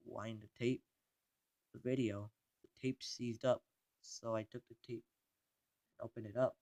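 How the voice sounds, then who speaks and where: Man, low voice, creepypasta reading, halting, stumbles and restarts, dry recording. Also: dry recording. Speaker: narrator.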